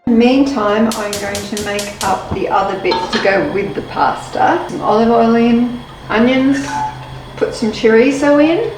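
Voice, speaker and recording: A woman's voice: fairly high pitch, unhurried, echoey room, music in the background, low-quality recording. An Australian woman chatting playfully through a casual taste-test vlog while cooking at home. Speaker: food vlogger. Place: home kitchen.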